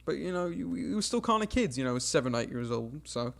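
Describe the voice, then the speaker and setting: A young game streamer casually recounts an embarrassing childhood story, lively and laughing at himself as he acts out what people said. His fairly high voice moves quickly and has vocal fry.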